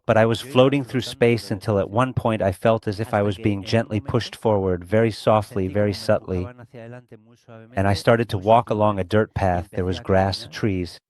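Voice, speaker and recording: Earnest, low-voiced man from Spain. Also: fairly even intonation, moderate pace, darkish tone. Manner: earnest, reflective, speaks with feeling. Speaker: guest recounting a near-death experience. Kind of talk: emotional personal storytelling in an interview.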